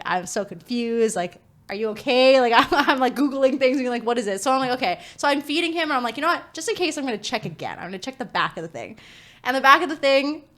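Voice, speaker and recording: Woman podcast co-host, fairly high voice, casual animated storyteller who laughs often and leans on filler words.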